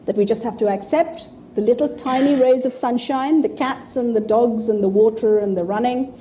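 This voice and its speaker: A woman's voice: on the high side, moderate pace, dark tone, slight background noise. A woman in her fifties giving an informal talk to an audience, blunt, profane and sarcastic. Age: 50s. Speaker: speaker addressing an audience.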